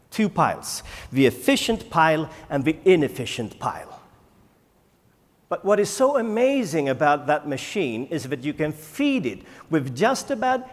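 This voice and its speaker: A man, a native Swedish speaker, giving a conference keynote and firing rhetorical questions at the audience with dramatic pauses. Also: on the high side. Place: large conference hall. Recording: echoey conference hall.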